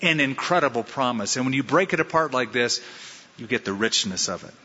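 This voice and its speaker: A man's voice: mid-range voice, animated, fairly quick, bright, forceful tone, slightly rough. Emphatic male pastor in a reverberant hall. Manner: emphatic, punchy repetition and rhetorical questions to the congregation. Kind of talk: sermon. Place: church sanctuary. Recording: reverberant hall sound, slightly dull.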